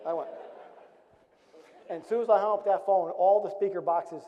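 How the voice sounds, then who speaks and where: A man's voice: sits high, a little fast, long pauses. A middle-aged man, a retired Marine officer, telling a serious story from his service in a storytelling talk, with wry, dry humor. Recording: dull recording with long hall reverb.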